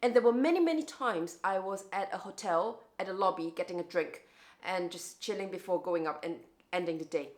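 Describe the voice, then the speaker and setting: A woman's voice: on the low side, brisk. A young adult woman vlogging to camera in a casual, reflective way, often restarting and repeating words.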